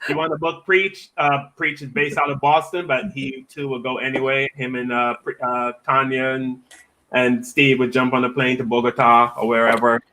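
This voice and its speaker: A man's voice: medium pitch, flat delivery, normal speed, sharp tone, rough recording. A man hosting a comedy talk show in casual chat, joking and laughing often with plenty of fillers.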